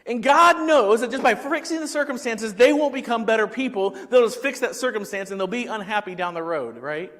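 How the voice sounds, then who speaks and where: A man's voice: high-pitched, animated, brisk, few pauses, a bit bright, long reverb tail. A man preaching a sermon as pastor, talking conversationally and asking the congregation questions.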